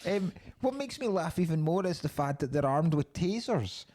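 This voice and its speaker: A man's voice: on the high side, sing-song, moderate pace, a little mellow. A man hosting a podcast, chatting casually about a film in a sweary, incredulous way. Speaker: podcast host. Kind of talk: casual film-review chat.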